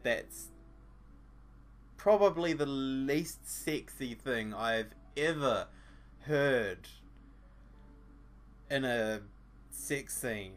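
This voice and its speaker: A man, hoarse from losing his voice, making joking, exasperated asides as a let's play host. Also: medium pitch, a little hiss or hum. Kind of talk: sarcastic game commentary.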